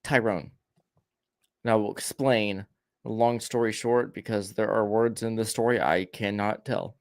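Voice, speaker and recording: A man's voice: fairly low pitch, a little mellow, no room sound, studio quality. A young man hosting a casual podcast, rambling and stammering through a long story, repeating words as he goes. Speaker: podcast host.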